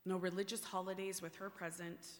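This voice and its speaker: A woman preaching a sermon, animated with playful asides, then hushed and earnest. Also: on the low side, fairly quick. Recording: long hall reverb.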